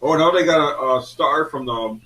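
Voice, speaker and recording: A man's voice: on the high side, normal speed, bright, forceful tone, low-quality recording. A man, a roundtable regular chatting and telling stories with a laugh. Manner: chatty storyteller, laughs while talking. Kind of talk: casual radio roundtable chat.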